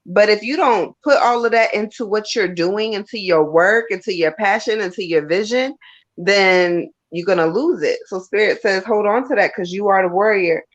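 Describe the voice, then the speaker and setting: A woman's voice: medium pitch, normal speed. Woman giving emphatic tarot advice, lo-fi. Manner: emphatic, repeats key lines. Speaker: tarot reader and co-host. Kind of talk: live tarot reading chat. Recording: dull lo-fi stream audio.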